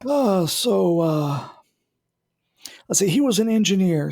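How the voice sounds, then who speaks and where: A man acting as game master, narrating and calling for dice checks in a relaxed, chuckling way. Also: high-pitched, slow, gravelly, long pauses.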